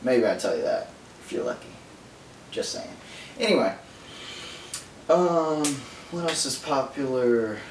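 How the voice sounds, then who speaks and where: A man rambles to his camera in a fast, nerdy monologue full of tangents and asides. His voice sits in the middle range and sounds distant from the microphone. A roomy echo and a faint hum fill the background. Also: medium pitch, very animated. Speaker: vlogger.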